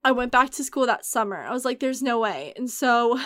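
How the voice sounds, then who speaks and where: A woman's voice: a little high, lively intonation, normal speed, a bit bright, no room sound. Emotional young woman, dry close sound. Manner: chatty, many fillers. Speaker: guest telling her story. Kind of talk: casual podcast chat.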